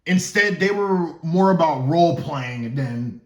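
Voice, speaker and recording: A man's voice: a little high, animated, a little slow, roomy sound, muffled recording. A man casually explaining the story of his own fan game series, rambling and stumbling without a script, joking to himself. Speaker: gaming YouTuber.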